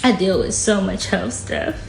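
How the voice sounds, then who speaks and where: A woman's voice: medium pitch, a little slow, gravelly, a little mellow. A woman guest telling a painful personal story in a casual, frank way, with lots of "like". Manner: casual, frank, fills speech with "like". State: emotional, near tears at times. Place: podcast studio. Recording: echoey room with faint music.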